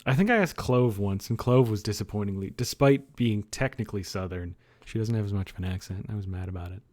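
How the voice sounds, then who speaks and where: A man's voice: fairly low pitch, fairly quick, darkish tone. A young man streamer in casual livestream chat, joking and laughing often.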